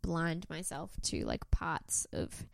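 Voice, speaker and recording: A young woman co-hosting a podcast, recapping a reality show in animated, sweary, laugh-filled chat. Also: deep voice, slow pace, gravelly, no room sound, clean studio sound. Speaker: podcast co-host.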